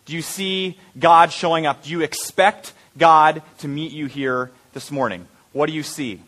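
A man's voice: fairly high pitch, a little slow, a bit bright. A man leading a church service, posing rhetorical questions to a congregation and repeating words as he goes. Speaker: service leader. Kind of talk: sermon introduction.

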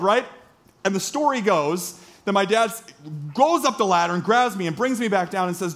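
A man's voice: high-pitched, fairly quick, fairly bright tone. A man in his thirties from Iowa preaching a sermon, earnest and storytelling, asking the congregation questions. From Iowa, United States. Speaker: pastor.

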